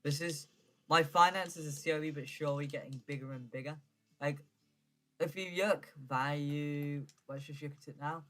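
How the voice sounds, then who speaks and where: A man's voice: fairly high pitch, fairly even intonation, normal speed, fairly bright tone. Rambling man commenting on gameplay. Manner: rambling, self-correcting, stammers when flustered. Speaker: gaming streamer.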